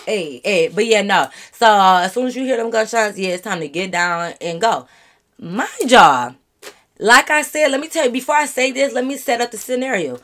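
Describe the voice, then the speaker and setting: Woman vlogger doing storytime, high-ish voice, animated and cussing, chatting straight to camera. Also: normal speed, a little hiss or hum. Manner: animated, profane, talks straight to viewers. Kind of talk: casual storytime monologue.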